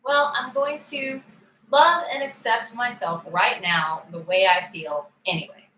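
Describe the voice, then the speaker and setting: A woman coaching a guided tapping session, calmly voicing upset feelings aloud for listeners to repeat. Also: a little high, unhurried, echoey room, a little hiss or hum, low-quality recording.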